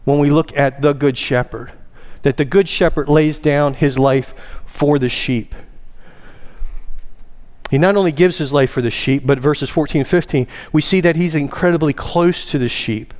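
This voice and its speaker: An emphatic male pastor preaches a sermon in a church sanctuary, his darkish voice at a moderate pace. His pitch climbs on key words, and he leads the congregation in call-and-response.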